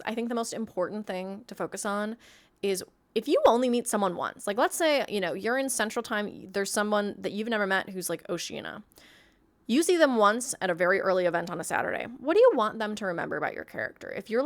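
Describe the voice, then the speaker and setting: A woman talks through advice for a roleplay group in a loose, conversational way. She rambles, leans on fillers, and laughs lightly as she goes, like an admin teaching her community. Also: mid-range voice. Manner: chatty, rambling, many fillers and frequent laughs. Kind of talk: casual instructional talk.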